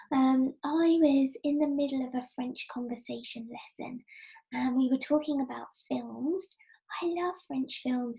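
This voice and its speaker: A middle-aged woman giving a personal storytelling talk, soft-spoken, often dropping to a breathy near-whisper, with frequent ums. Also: high voice, rough recording. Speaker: speaker giving an inspirational talk.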